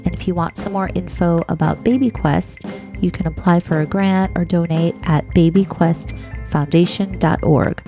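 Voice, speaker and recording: Woman host, outro, mellow lowish voice, friendly to listeners, faint music behind. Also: moderate pace. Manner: friendly direct address to listeners. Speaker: podcast host. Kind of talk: show outro.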